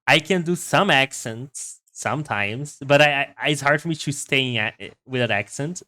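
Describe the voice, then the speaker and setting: A man's voice: medium pitch, moderate pace, sharp tone, dry recording, studio quality. A man chatting casually as co-host on a livestream, laughing often, stumbling over his words and swearing offhandedly. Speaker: streamer and podcast co-host.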